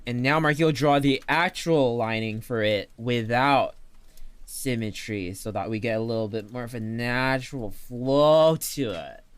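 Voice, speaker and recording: A man streaming as a VTuber, chatting casually with viewers while he draws, playful and quick to laugh, often talking about himself in the third person. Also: medium pitch, clear, resonant tone, dry recording. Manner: playful, laughs often, reads and answers chat. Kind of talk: casual livestream chat while drawing.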